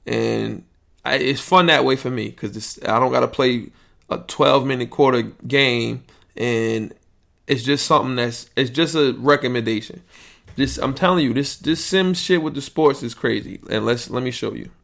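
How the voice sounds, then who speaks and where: A man's voice: mid-range voice, moderate pace, creaky, a bit bright. A young man, hosting a podcast in loose, rambling, profane chat. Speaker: podcast host.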